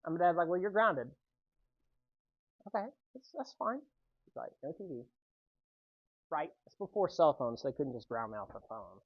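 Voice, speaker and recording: A man giving a youth sermon, telling a personal story with lively energy and often checking in with the audience. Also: a little high, fast talker, husky, dull audio. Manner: animated storytelling, keeps checking in with "right?". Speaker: youth speaker.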